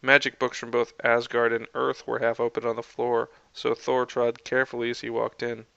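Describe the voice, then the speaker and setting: A man narrating a fanfiction story aloud in an even, unhurried storytelling manner. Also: medium pitch, vocal fry, dry recording, highs cut off. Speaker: fanfiction reader.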